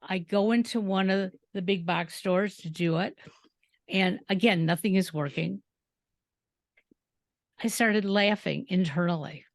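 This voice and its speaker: A woman's voice: medium pitch, a little slow, pauses often, no room sound. A woman hosting a podcast interview, telling stories from her own work and acting out the dialogue as she goes. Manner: storytelling, acts out dialogue. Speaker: podcast host. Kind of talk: casual interview chat.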